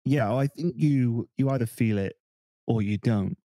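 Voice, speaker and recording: A man's voice: mid-range voice, unhurried, mellow, dry recording. A man co-hosting a casual podcast over a remote call, explaining ideas at length and thinking aloud with fillers. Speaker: podcast co-host. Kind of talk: casual discussion. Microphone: desk microphone.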